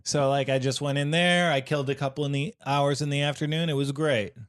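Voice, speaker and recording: A man's voice: a little high, fairly even intonation, a little fast, clean tone. A man in his thirties co-hosting a casual podcast, joking and swearing, laughing as he talks. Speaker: podcast co-host. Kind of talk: casual chat. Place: small room in New York.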